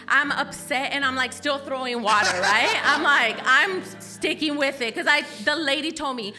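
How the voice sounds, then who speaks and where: High, bright-voiced woman telling a lively story. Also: normal speed, faint music behind. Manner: animated, laughing storyteller with many "like"s and "okay?". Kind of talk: storytelling in casual talk.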